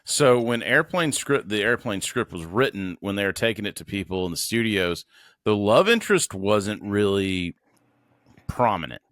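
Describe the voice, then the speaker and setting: A man talks casually on a podcast, loose and slangy and full of fillers. His voice sits on the low side. The recording is dry and close. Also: sing-song, moderate pace, fairly bright tone, dry recording. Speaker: podcast co-host. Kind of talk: casual chat.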